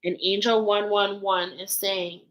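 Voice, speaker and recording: A woman's voice: medium pitch, steady tone, measured pace, low-quality recording. A woman giving a spiritual card reading to her viewers, speaking in soothing, affirming phrases and openly emotional. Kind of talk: intuitive tarot-style reading to viewers.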